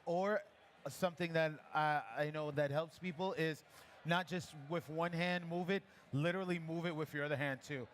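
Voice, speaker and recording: A man's voice: on the high side, steady tone, a bit bright, a little hiss or hum. A man who teaches latte art, coaching a guest through live pours at a coffee festival in a chatty, encouraging way. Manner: encouraging, chatty, gives quick pouring cues. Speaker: barista instructor. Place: coffee festival demo area.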